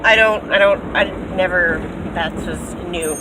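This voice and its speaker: A woman's voice: unhurried, background noise. A young woman, telling a story in a casual vlog and acting out what people said with big jumps in her voice. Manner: animated storyteller, acts out quotes with big pitch jumps. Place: in a car.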